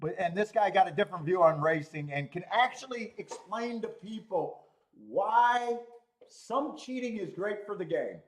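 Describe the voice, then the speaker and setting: Ranting to his live-stream chat, a worked-up male host pleads, swears, and laughs through it all. His voice sits high and is expressive, moving at a slow pace.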